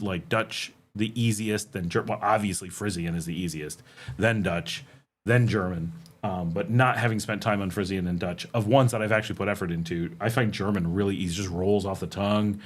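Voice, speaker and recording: A middle-aged man hosting a casual livestream Q&A, reading viewer questions aloud and answering them with frequent ums. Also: on the low side. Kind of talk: casual live Q&A chat.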